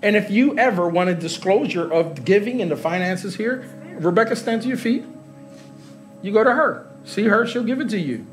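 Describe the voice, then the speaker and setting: A man's voice: high-pitched, expressive, normal speed, faint music behind. A middle-aged man preaching live as pastor in a large church hall, joking with the congregation and laughing. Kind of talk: sermon.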